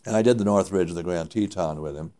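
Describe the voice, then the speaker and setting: An older man, a mountaineer, telling stories from his climbs in an interview, animated and full of halting restarts. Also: sits low. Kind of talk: reminiscing interview.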